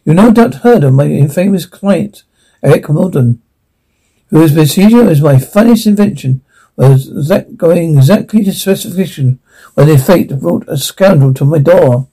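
A man playing a pompous old mad scientist from Bavaria, who gives a grandiose, theatrical welcome speech in a husky voice. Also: a little high, lively intonation, moderate pace, warm tone, rough recording. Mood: boastful. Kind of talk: TV drama acting.

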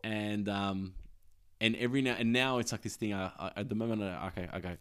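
A man with a lowish voice, talking in a relaxed, rambling way. He jokes around and slips into quick impressions while telling stories. Casual podcast chat. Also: clear, resonant tone. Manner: rambling, jokey, acts out scenes in quick voices.

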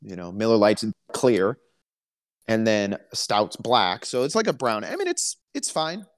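A man from Alabama co-hosts a casual podcast, telling stories in a chatty, dry, joking manner. His voice sits lowish, swings widely in pitch, and keeps a measured pace.

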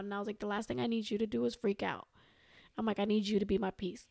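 Talking fast in a flat, creaky, slightly mellow voice of medium pitch, a young woman appears as a podcast guest. She rambles through a long personal story in a casual chat, over and over using "I was like" to quote herself and others, recorded in studio quality with no room sound.

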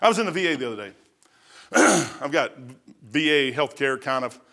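A man's voice: medium pitch, a little fast. An older man preaching a folksy, storytelling sermon, acting out the people in his stories. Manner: folksy, animated, acts out other people's voices. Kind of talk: testimony-style sermon, storytelling.

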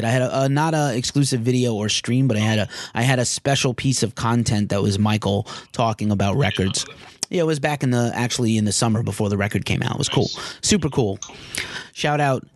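A man's voice: medium pitch, slight background noise. Frank man on a podcast. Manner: candid, frank, a little exasperated. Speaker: music journalist and podcast host. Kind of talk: casual podcast chat.

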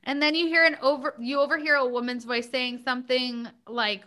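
A woman with a high, bright voice hosts a podcast in loose, casual chat. Her talk is full of "like" and "you know" as she works through her thoughts. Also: flat delivery, a little fast. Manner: chatty, many fillers like "like" and "you know". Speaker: podcast host.

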